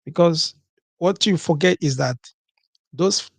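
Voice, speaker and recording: A man's voice: on the high side, a little slow, creaky, slightly rough, no room sound. A man hosting a solo podcast, talking in a rhetorical way, repeating his points and asking "okay?" to his listeners. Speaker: podcast host.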